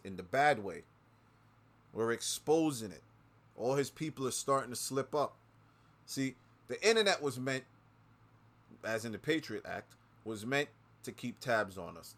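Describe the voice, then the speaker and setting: On his own podcast, a man rages about politics with nonstop swearing, repeating himself for emphasis. He veers between low mutters and loud outbursts.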